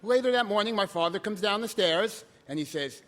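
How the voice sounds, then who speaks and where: A man telling a comic personal story live on stage, animated. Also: high-pitched, fairly quick.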